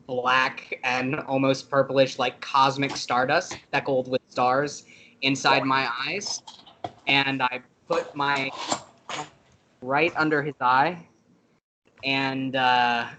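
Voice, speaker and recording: A man's voice: medium pitch, pushed and bright, low-quality recording. Casual man narrating his character's moves. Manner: menacing, profane, detailed in-character threats. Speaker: player. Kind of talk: playing a tabletop game in character.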